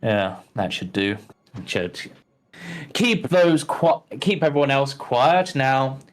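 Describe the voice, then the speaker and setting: A man's voice: medium pitch, very animated, takes it slowly, a little hiss or hum, pitched above the performer's own voice. A man voicing a pompous, self-satisfied male baron in a tabletop game, talking grandly and reassuringly.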